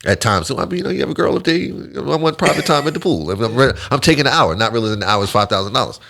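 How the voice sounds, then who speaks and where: A man telling long, animated stories in a casual chat, acting out what others said. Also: mid-range voice, rapid-fire, creaky. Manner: animated storyteller, quotes others in voices. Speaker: podcast guest.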